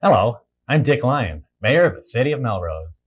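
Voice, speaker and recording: A man's voice: mid-range voice, sing-song, moderate pace, slightly rough. A man playing a folksy, blustering middle-aged small-town mayor in a comedy sketch. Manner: folksy, bluntly bloodthirsty.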